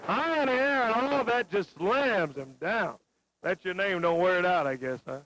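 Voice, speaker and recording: Excitable man calling wrestling, very high voice. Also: moderate pace. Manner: excitable, exclaiming calls. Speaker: play-by-play announcer. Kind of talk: wrestling play-by-play. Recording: noisy lo-fi TV broadcast.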